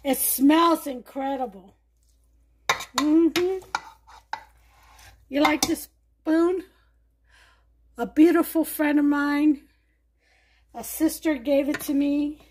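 A woman with a Brooklyn accent hosting a home cooking show, chatting warmly to viewers as she demonstrates a recipe. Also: sits high, steady tone, slow, pauses often, background noise. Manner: chatty, enthusiastic, talks to viewers. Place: home kitchen.

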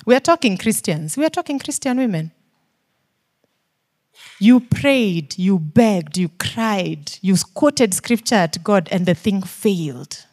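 A woman's voice: medium pitch, animated, slow, darkish tone. A woman preacher with a Kenyan accent delivers a sermon. She pleads earnestly with her listeners and fires off question after question. She drops almost to a whisper, then leans in with emphatic force.

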